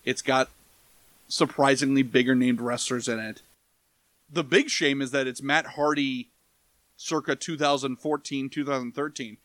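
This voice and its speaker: A man's voice: mid-range voice, fairly even intonation, normal speed, fairly bright tone, dry recording. A man in casual podcast chat reviewing a movie, rambling and profane, breaking into goofy impressions. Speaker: podcast co-host.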